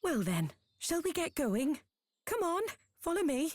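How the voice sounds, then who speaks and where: A fussing, affectionate mother from a fantasy video game, her sing-song voice soft and mellow, rising and falling in lively swoops. The voice sits a little high and is recorded dry and close. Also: unhurried, dry recording. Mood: fond. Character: cheerful doting mother waking her teenage son. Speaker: game character voice.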